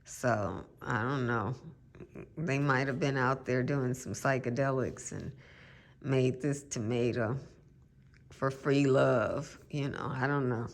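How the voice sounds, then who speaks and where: A woman's voice: a bass voice, steady tone, slow. A woman gardening vlogger chatting casually and musing aloud, with self-deprecating asides. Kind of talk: casual chat.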